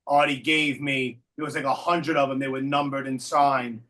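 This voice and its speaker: A man hosting a casual interview, chatty and quick to jump in. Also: medium pitch, little pitch movement, bright, forceful tone. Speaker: podcast host.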